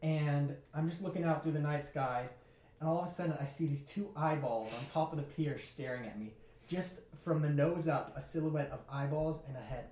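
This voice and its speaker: A young man casually telling a story in a lively way, acting out what people said. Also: on the high side, moderate pace. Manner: animated, laughing, acts out quotes. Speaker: podcast co-host telling a story. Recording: echoey room.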